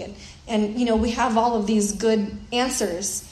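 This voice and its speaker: A woman's voice: fairly high pitch, steady tone, unhurried, a little mellow. A woman preaching a sermon in a conversational way, often repeating words as she thinks aloud. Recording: roomy echo with faint noise.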